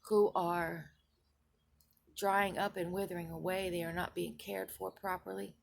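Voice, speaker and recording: Woman with a gravelly, creaky voice; earnest Christian vlogger retelling a dream, emphatic and repetitive. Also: on the low side, flat delivery, a little slow, slight background noise. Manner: earnest, emphatic, repeats herself, restarts phrases. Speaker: Christian video blogger. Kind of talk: recounting a dream and its spiritual meaning.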